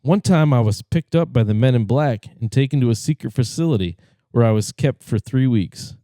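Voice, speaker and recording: A man voicing a calm, secretive male alien at a party as he tells a joke. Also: mid-range voice, a little fast, no room sound, clean studio sound, natural voice.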